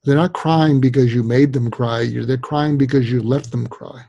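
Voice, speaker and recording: A podcast interview features an older psychiatrist with a creaky, mid-range voice at normal speed, recorded without room sound and with the highs cut off. He tells his stories in an animated way, acting out quoted voices.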